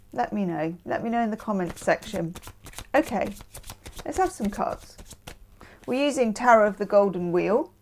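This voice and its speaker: A woman's voice: mid-range voice, slight background noise. Chatty woman from the UK reading tarot. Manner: chatty, self-mocking asides. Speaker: tarot reader. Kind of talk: casual tarot reading chat.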